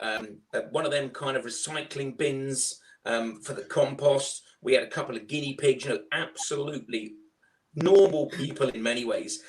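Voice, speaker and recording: A middle-aged man with a Liverpool accent telling his fostering story in a loud, chatty, animated way. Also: medium pitch. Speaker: foster carer guest. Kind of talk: casual storytelling.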